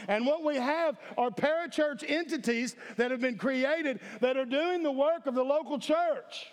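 Man, pastor, high voice, emphatic sermon delivery, reverberant church sanctuary. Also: normal speed, few pauses. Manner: emphatic, calls for audience response. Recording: echoey hall with long reverb.

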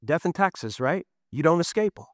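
A man's voice: on the high side, animated, normal speed, no echo, studio quality. A middle-aged man preaching a sermon as pastor, earnest and full of rhetorical questions.

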